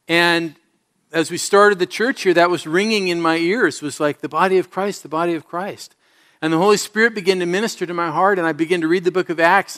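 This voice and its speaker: A middle-aged male pastor preaches to his congregation, his voice sitting a touch higher than most men's. He is an earnest storyteller with a streak of self-mocking humor. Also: fairly bright tone. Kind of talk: sermon. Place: church service before a congregation.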